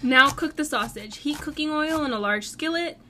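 A woman's voice: high-pitched, moderate pace, bright, forceful tone, soft background music. A young woman co-hosting a cooking podcast, teasing and blunt in casual kitchen chat. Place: home kitchen. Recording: home kitchen recording with faint noise.

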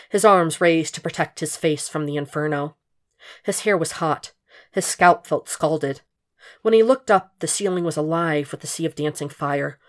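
A woman narrating a fan fiction story in a steady, intense audiobook reading. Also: deep voice.

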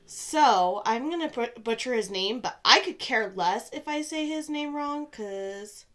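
A young woman co-hosting a podcast in casual chat, rambling with lots of "like" and swinging between excited bursts and quiet asides. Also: on the high side, measured pace. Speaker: podcast co-host.

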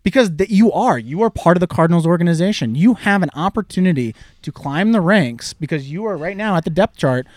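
Thirties coach guy, earnest, kinda higher voice, dry close sound. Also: expressive, a little fast, hardly any pauses, no echo. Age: 30s. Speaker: youth baseball program coach. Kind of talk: casual podcast chat.

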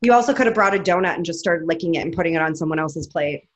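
A woman co-hosting an interview, asking curious, steady questions. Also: fairly low pitch, rapid-fire. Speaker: co-host. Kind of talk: casual interview chat.

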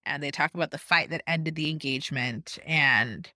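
A woman's voice: deep voice, normal speed, bright, forceful tone, dry recording, clean studio sound. A woman co-hosting a podcast, recapping a reality show in chatty casual talk and acting out what people said. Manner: chatty storytelling, acting out quotes. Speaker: podcast co-host.

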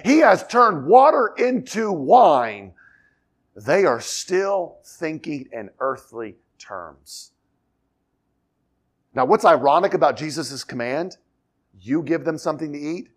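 A man preaching from the pulpit, his pitch sitting a touch high and swinging widely as he works through the passage. He reads the verses aloud, then breaks into casual asides and rhetorical questions, acting out what the disciples might have said. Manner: expository preacher, reads scripture aloud and acts out dialogue in asides. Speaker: pastor. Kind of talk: sermon.

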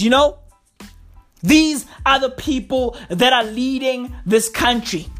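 Fired-up, foul-mouthed woman ranting, high voice. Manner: heated, swearing, repetitive rants with slang. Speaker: comedic ranter. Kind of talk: profane comedic rant.

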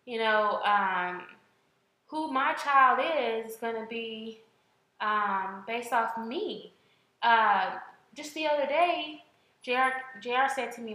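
A woman's voice: a little high, slow pace, sharp tone, roomy sound, rough recording. A young woman co-hosting a casual chat, talking at length with many fillers and restarts. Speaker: podcast co-host.

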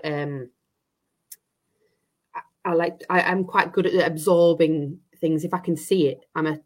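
A woman's voice: low voice, a bit bright. A woman, an estate agent, chatting as an interview guest, rambling with many restarts and fillers. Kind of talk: casual interview chat.

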